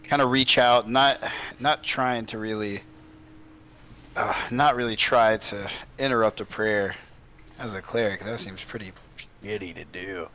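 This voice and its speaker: A man's voice: lowish voice, fairly even intonation, a little slow, sharp tone. A man describing his character's actions in a tabletop game, often hesitating and restarting. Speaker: player. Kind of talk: casual tabletop game play.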